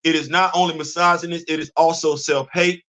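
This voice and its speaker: A middle-aged man with a fairly high, level, slightly fast voice that's bright and forceful hosts a livestream. Answering his live chat, he talks fervently and colloquially in a preachy tone.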